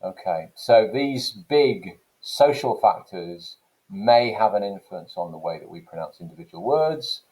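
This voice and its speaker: A man teaching an English language lesson, explaining points in a relaxed lecture with frequent "okay" and "so" fillers. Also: lowish voice, a little slow, low-quality recording. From England. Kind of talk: classroom lecture.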